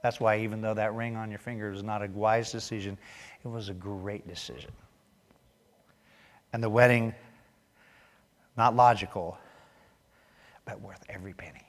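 A man's voice: lowish voice, steady tone, moderate pace, pauses often. A male pastor preaching a sermon in a church, talking conversationally and tossing joking asides to the congregation.

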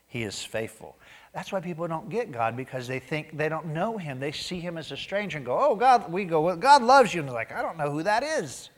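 A man preaching a sermon as pastor, animated, acting out quoted voices and dropping to a near-whisper for emphasis. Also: on the high side, brisk. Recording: long hall reverb.

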